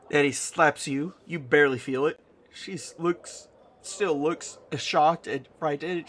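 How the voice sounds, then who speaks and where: Guy reading out game dialogue, musing and low-key, talks slow. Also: fairly bright tone, a little hiss or hum. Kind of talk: reading game text aloud with commentary.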